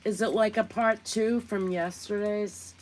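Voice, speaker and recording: A woman's voice: medium pitch, fairly even intonation, measured pace, darkish tone, slight background noise. A woman hosting a casual commentary vlog, talking in a chatty, indignant, gossipy way. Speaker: commentary channel host.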